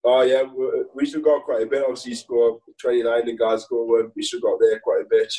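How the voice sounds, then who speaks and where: A man in a relaxed interview chat, telling dressing-room stories with a dark, mellow tone. He rambles, laughs often and restarts his sentences. His voice sits a little back from the microphone. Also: mid-range voice, fast, recorded from a distance, low-quality recording. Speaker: footballer guest.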